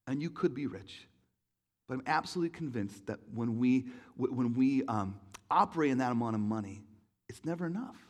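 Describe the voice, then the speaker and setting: A young man preaching a sermon in an auditorium, telling stories in an animated way and acting out voices. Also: mid-range voice. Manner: animated storytelling, acts out voices, laughs along. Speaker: pastor.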